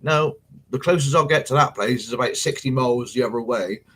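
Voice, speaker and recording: A man's voice: medium pitch, brisk, a bit bright, slight background noise, poor audio. Sweary man chatting on a livestream. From England. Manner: rambling, sweary storytelling with mates' slang. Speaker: paranormal investigator hosting a livestream. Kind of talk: casual live chat with viewers.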